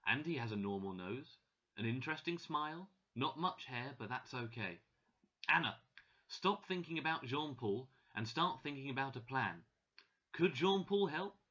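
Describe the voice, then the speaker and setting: A man's voice: medium pitch, expressive, normal speed, bright, forceful tone. A man voicing a young woman cleaner who is new in the country, emotional and exclaiming, in a dull lo-fi recording. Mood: dreamy.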